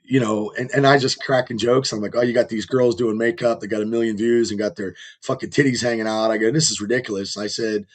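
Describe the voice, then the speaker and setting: A man with a rough, strained voice, hosting a podcast and telling long, rambling, profane stories in casual chat. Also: on the low side, steady tone, quick pace, few pauses. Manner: rambling storyteller, heavy swearing. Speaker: podcast host.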